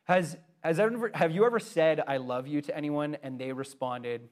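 Young male pastor, sermon delivery, earnest and conversational, slightly high voice. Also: moderate pace, darkish tone. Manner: earnest, conversational preaching with emphatic swells.

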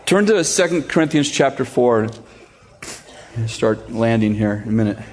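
Animated joking male preacher. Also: medium pitch, moderate pace, a little hiss or hum. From United States. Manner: animated storytelling, jokey and sarcastic. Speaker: pastor. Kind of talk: sermon.

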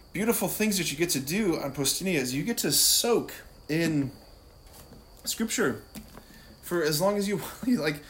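Animated man in casual faith talk. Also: fairly high pitch, a little hiss or hum. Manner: conversational and animated, keeps asking "right?"; laughs easily while talking. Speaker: Catholic speaker.

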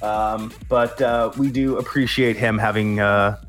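A man's voice: lowish voice, steady tone, measured pace, fairly bright tone, soft background music. A man hosting a gaming podcast in a laid-back, joking way. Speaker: podcast host. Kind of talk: casual podcast chat.

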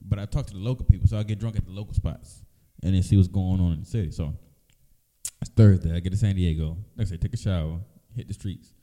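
A man's voice: sits low, quick pace. A man co-hosting a casual comedy podcast, telling stories with lots of laughter and swearing. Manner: animated storyteller, laughs often, swears freely. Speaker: podcast co-host.

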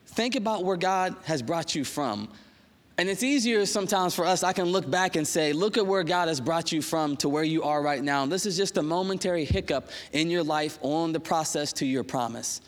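High-voiced young man preaching in a hall. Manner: conversational, animated storytelling with quick asides. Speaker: pastor. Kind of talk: casual sermon with personal stories. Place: church.

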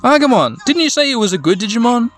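A man voicing an eager young boy hero in a game, excitable and quick to act. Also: extremely high pitch, music in the background, voice pushed up. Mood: startled.

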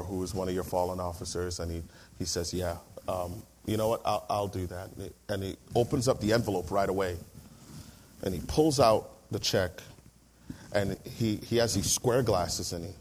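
A man's voice: fairly low pitch, a little hiss or hum. A man, a pastor, telling a story from the pulpit and acting out the dialogue of the people in it. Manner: animated storyteller, acts out dialogue. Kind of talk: storytelling sermon.

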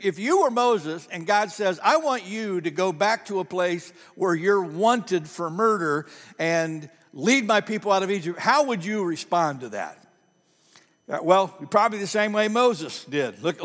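A man's voice: sits high, lively intonation, measured pace, a bit bright, big-room sound. A man pastor preaching a sermon in a conversational, storytelling manner, repeating key phrases for emphasis.

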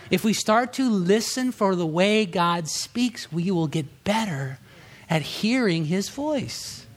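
A sermon delivered by a middle-aged pastor whose voice is high-pitched. He keeps things easygoing and conversational, performing quotations with sudden climbs and quiet dips.

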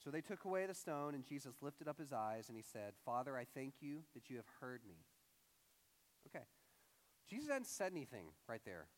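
Animated young pastor in a reverberant hall. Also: male voice, mid-range voice, moderate pace. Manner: animated, conversational, acts out quoted voices. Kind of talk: sermon.

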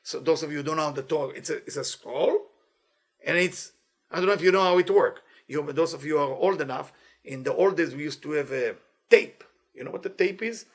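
A man giving a weekly inspirational Torah talk as a teacher, animated and playful, in non-native English phrasing. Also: a little high, a little fast.

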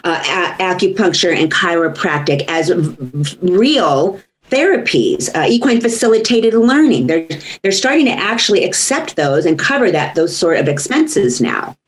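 A woman's voice: on the low side, big pitch swings, moderate pace, hardly any pauses, low-quality recording. A woman who works as a voice coach, chatting casually in a group conversation.

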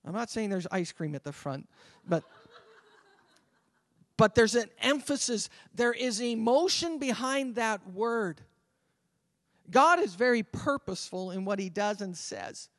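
A man preaching a sermon as pastor, swinging from loud emphatic calls to quiet conversational asides. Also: sits high, animated, unhurried, pauses often, no echo, clean studio sound. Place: church sanctuary.

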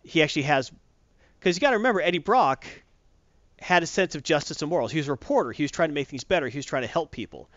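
Sarcastic male reviewer with a slightly high, animated voice, dry lo-fi recording. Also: quick pace, dry recording. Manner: exasperated, sarcastic, rambling. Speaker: comic book reviewer. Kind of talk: casual opinionated review chat. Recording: dull, lo-fi, dry.

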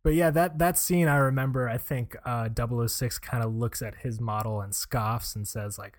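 A man's voice: medium pitch, fairly even intonation, normal speed, few pauses. A man in casual chat, easygoing and detail-minded, with plenty of fillers.

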